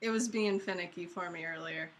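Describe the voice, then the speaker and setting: Upbeat woman with a bright voice. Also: lowish voice, a little fast. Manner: upbeat, laughs often. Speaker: co-host. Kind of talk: live marketing video chat.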